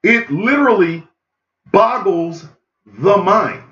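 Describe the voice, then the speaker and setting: A man rants in a high, bright voice, swinging wildly up and down as he shouts in disbelief. His delivery is loud and repetitive, a comedic monologue. The recording is roomy and dull, with lo-fi echo. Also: expressive, slow. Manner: loud, incredulous, repetitive ranting. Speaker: comedy podcast host.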